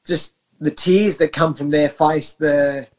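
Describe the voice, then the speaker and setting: A man's voice: fairly high pitch, fairly even intonation, slow pace. An Australian man in his thirties, a guest on a podcast, talking earnestly and reflectively with many fillers and restarts. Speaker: podcast guest, wellbeing coach. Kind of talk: casual interview chat.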